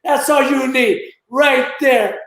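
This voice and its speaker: A man chatting as a guest on a show, joking and breaking into loud exclamations. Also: extremely high pitch, slow pace, vocal fry. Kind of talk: casual chat. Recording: echoey room audio.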